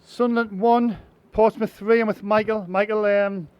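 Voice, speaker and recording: Fan tv reporter guy, high voice, keeps stumbling over words. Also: little pitch movement, normal speed, muffled recording. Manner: stammers and repeats words, agreeable. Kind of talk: street interview. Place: outdoors in town.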